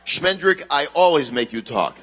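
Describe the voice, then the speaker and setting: A man's voice: on the high side, expressive, normal speed, a bit bright. A man performing as a ventriloquist in a live stage comedy act, mixing English with Yiddish and speaking straight to the children. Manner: mixes English with Yiddish, addresses children directly. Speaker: ventriloquist entertainer.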